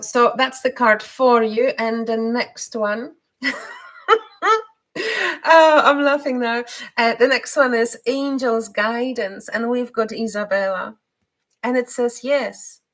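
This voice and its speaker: Woman, spiritual card reader, slow unhurried delivery, halting, lots of ums and restarts. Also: on the high side, poor audio. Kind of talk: live card reading.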